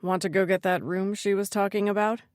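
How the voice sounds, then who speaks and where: A woman's voice: mid-range voice, little pitch movement, brisk, a little mellow, dry recording, studio quality, lightly acted. A woman doing a teasing young man. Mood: playful. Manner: dismissive, teasing. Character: teasing young man, playful older brother. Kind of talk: audiobook character voice.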